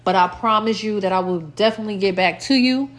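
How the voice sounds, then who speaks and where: A woman hosts her own podcast in a rambling, casual solo chat packed with fillers and repeated lines. She talks fast at a medium pitch, and her mouth sounds a little dry.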